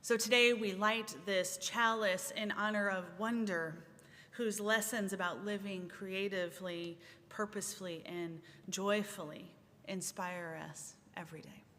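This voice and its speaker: Slow, measured woman minister in a sanctuary. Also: fairly even intonation, fairly bright tone. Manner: slow, measured, meditative delivery with long pauses. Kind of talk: sermon and guided centering. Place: large church sanctuary. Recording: reverberant sanctuary, faint rumble.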